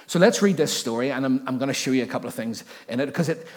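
A man preaching a sermon as pastor in a lively, conversational way, joking now and then and often restarting or repeating words as he thinks aloud. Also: mid-range voice, fast talker. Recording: long reverb of a church hall.

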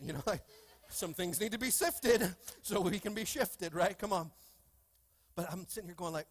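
A man preaching a lively sermon in a church, with call-and-response and playful asides to the congregation. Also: high-pitched, brisk. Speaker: pastor. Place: church sanctuary.

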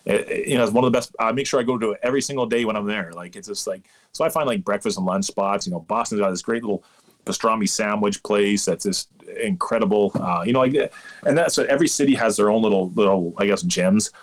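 A Canadian man in his thirties, an umpire, is a guest in a casual interview and speaks fast in a fairly low voice. He rambles through stories with plenty of animation and eager asides, keeping the tone easygoing and chatty.

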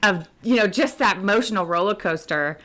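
A woman's voice: medium pitch, fairly quick. A middle-aged woman, a veterinary practice manager, telling stories as an interview guest and acting out what people said. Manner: animated storyteller, acts out quotes. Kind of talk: casual interview storytelling.

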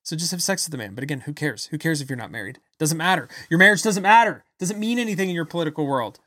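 A man giving an angry, blunt political rant, loud and insulting as he talks. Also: on the high side, lively intonation, rapid-fire, no echo. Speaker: political commentator. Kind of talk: ranting political commentary.

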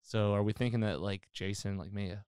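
A podcast host recaps a TV episode in a casual chat, telling it animatedly with plenty of fillers and acting out quotes. His voice is fairly low and brisk with a clean tone, recorded dry in studio quality with no echo.

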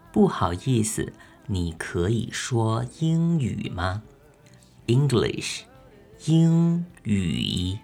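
A man's voice: on the low side, sing-song, drawn-out words, creaky. A man hosting a beginner language-lesson podcast, speaking carefully and repeating each phrase twice for listeners to practice. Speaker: podcast host teaching language. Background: soft background music.

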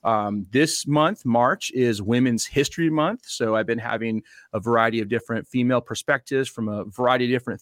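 A man's voice: medium pitch, fairly bright tone, dry recording, studio quality. A man hosting a podcast, speaking casually with many fillers and a friendly, rambling manner. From United States. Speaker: podcast host and pastor.

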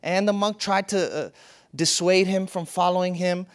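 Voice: medium pitch, steady tone, normal speed, clean tone. A spiritual teacher giving a reflective teaching talk, telling a parable and repeating phrases for emphasis.

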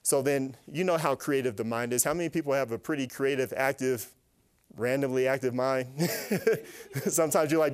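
A man giving an animated, faith-based teaching talk to a live group, asking them questions and acting out little voices. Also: mid-range voice, moderate pace. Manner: animated, asks the audience questions, acts out voices. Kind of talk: lively sermon-style teaching to a live group.

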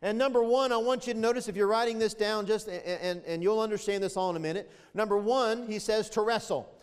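A man preaching in a church sanctuary, his voice sitting very high for a man. He drives his points home with repeated, emphatic phrases and sounds close to emotion. A long hall reverb trails after each line. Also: quick pace, clear, resonant tone. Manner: impassioned, emphatic preaching with repetitions. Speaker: pastor. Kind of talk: sermon.

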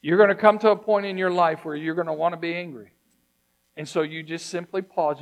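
A man preaching a sermon as pastor, talking to his church in a conversational, emphatic way that swings from loud to hushed. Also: fairly high pitch, steady tone, fairly quick.

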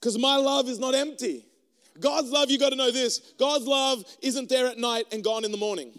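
A man delivers a sermon in a conversational, joking manner, acting out little exchanges as he goes. His voice sits high for a man. It rings with the long reverb of a large hall. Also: normal speed, fairly bright tone, clean tone. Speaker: preacher. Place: room with an audience.

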